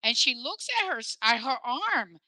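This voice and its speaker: Woman, podcast host, animated storyteller, Spanish phrases mixed in, bright, dry close mic. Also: a little high, normal speed, dry recording, low-quality recording. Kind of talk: casual storytelling conversation.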